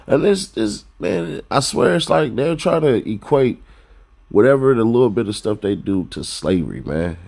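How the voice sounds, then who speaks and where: A man's voice: medium pitch, animated, moderate pace, vocal fry, darkish tone, husky. A man hosting a commentary rant, blunt and profane, lecturing viewers with rhetorical questions. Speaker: commentary host.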